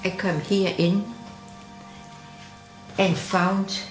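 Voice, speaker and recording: Slow, halting older woman. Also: mid-range voice, flat delivery, faint music behind. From Austria. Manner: halting, searching for English words. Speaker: interviewee, eyewitness. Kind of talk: recalled testimony in an archive interview.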